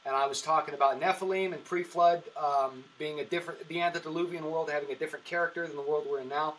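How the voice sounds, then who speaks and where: Man, comedian guest, casual podcast chat, rambling stories, frequent restarts, bright voice, distant mic. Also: a little high, steady tone, fast, a little hiss or hum.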